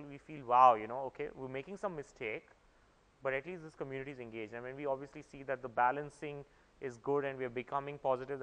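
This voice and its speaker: Man giving a talk in an echoey hall. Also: mid-range voice. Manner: explanatory, repeats and restarts phrases. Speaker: conference speaker. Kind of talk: conference talk. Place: conference hall.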